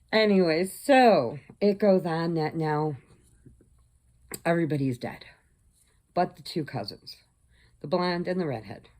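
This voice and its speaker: A woman with a somewhat low voice tells a long story in a casual, rambling way, circling back and restarting her sentences. She speaks slowly and unhurriedly, like a crafting-channel host chatting with her regular viewers. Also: a little mellow. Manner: rambling, conversational retelling with restarts.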